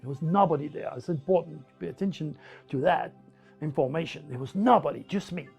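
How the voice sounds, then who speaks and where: A man from France with a French accent, telling a personal story in an animated, emphatic way. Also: a little high, brisk, creaky, husky, faint music behind. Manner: animated, emphatic, with repetitions and laughs.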